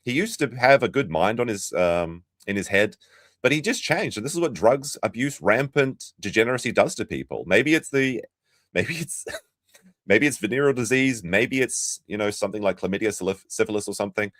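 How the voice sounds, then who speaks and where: A man's voice: fairly low pitch, expressive, normal speed, a bit bright, no room sound, clean studio sound. A man hosting a reaction commentary, mocking the clips he plays and talking to his chat. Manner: mocking, sarcastic, talks to chat. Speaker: commentary channel host.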